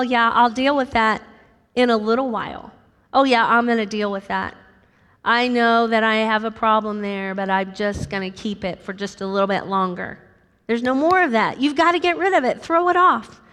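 A middle-aged American woman preaching a sermon, animated and acting out voices with sudden high squeaks. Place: large church hall. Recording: long hall reverb.

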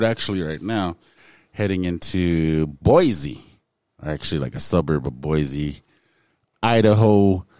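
Slow-talking podcast host man, dry close sound. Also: deep voice, dry recording. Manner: loud shouted greetings, relaxed joking banter. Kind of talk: casual podcast chat.

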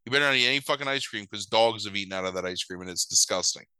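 A man retelling a movie plot on a podcast, sarcastic and swearing as he goes. His voice is bright and crisp. The sound is dry and close. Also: lowish voice, racing, no echo, poor audio. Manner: sarcastic, profane, animated storytelling. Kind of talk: comedic movie recap.

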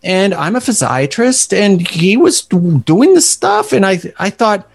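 A man voicing an elderly male physiatrist in his nineties with a New York accent, telling a story slowly. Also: high-pitched, big pitch swings, creaky, soft background music, voice pushed up, heavily acted. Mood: reminiscing. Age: 90s. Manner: slow, reminiscing storyteller.

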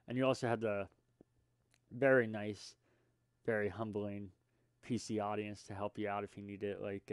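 A man's voice: fairly low pitch, a little mellow, clean tone, no room sound, studio quality. A young man hosting a casual solo podcast, rambling and self-deprecating with lots of fillers and restarts. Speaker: podcast host.

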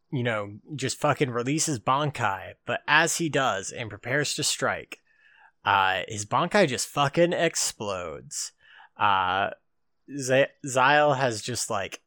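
A man casually recaps an anime episode, rambling with many fillers and the odd swear. His voice is bright and his pace slow. The sound is dry and close. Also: mid-range voice, no echo.

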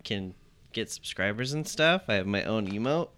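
A man guest on a podcast who streams video games. He talks in a fairly low voice with an easygoing, casual manner. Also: lively intonation, normal speed, a bit bright, smooth. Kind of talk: casual chat.

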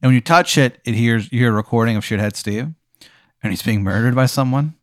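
A man narrating as game master in an improvised tabletop game, telling it in a casual, deadpan way. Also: medium pitch, fairly quick, no room sound, studio quality.

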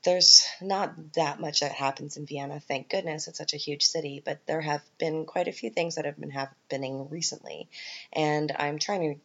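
A woman's voice: low-pitched, steady tone, normal speed, fairly bright tone. A woman with a Canadian accent hosting her podcast, talking casually and rambling with plenty of ums and asides. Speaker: podcast host. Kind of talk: casual solo podcast talk. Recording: dull lo-fi podcast recording.

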